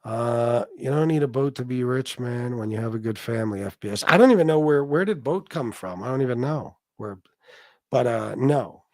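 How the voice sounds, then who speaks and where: A man's voice: medium pitch, moderate pace, dry recording, clean studio sound. A man hosting a casual livestream, reading viewer comments aloud and ranting bluntly with plenty of swearing. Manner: blunt, profane, animated rants. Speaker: livestream host.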